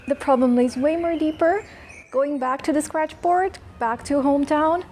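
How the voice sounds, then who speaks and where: A woman's voice: high voice, normal speed, a little mellow, slight background noise. A young woman from Croatia talking casually to camera in a vlog, chatty and self-deprecating, at times emotional. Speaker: vlogger. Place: outdoors in a hot town.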